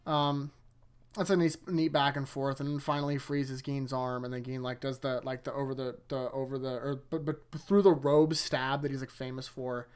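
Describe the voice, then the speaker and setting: A man's voice: mid-range voice, little pitch movement, normal speed, smooth. A man hosting his own anime rewatch, recapping episodes in a loose, rambling way that trips over itself and keeps correcting itself. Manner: rambling, self-correcting, chuckles often.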